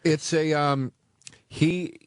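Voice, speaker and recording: A man in casual radio chat, telling a story with lively energy and frequent swearing. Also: fairly high pitch, drawn-out words, smooth, no room sound. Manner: animated storyteller, swearing freely.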